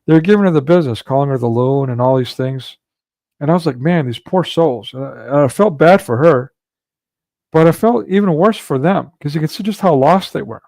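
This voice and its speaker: A man's voice: fairly high pitch, a little fast, a little mellow, no echo. A man hosting a livestream, telling a long rambling story in casual chat with frequent restarts and fillers. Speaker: livestream host.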